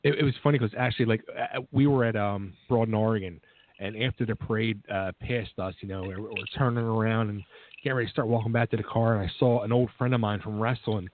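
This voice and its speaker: A man's voice: fast talker, slight background noise. Easygoing man hosting a radio chat. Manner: easygoing, laughs along, lively pitch. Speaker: radio show host. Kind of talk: casual radio interview. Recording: dry, phone-like narrow sound.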